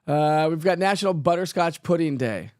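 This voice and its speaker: A man's voice: a little high, expressive, normal speed, a little mellow, no echo, studio quality. Chatty, playful man forecaster. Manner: chatty, playful, self-joking, laughs often. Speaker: weather forecaster host. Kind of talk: casual live weather chat.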